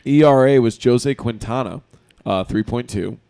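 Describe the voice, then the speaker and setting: Excitable man hosting a sports podcast. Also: medium pitch, normal speed, clear, resonant tone. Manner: excitable, teasing, animated. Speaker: podcast host. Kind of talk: casual sports chat.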